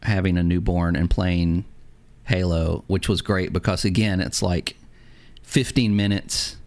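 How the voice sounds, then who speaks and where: A man's voice: low voice, steady tone, unhurried, darkish tone. A middle-aged man hosting a casual gaming podcast, chatty and upbeat, rambling loosely from one thought to the next. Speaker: podcast host.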